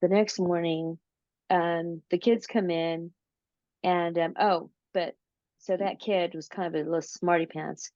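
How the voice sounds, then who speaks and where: A woman being interviewed, telling a long story slowly and casually, with many fillers and restarts. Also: fairly low pitch, steady tone, darkish tone, no echo. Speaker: interview guest, paranormal researcher. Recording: dull lo-fi audio.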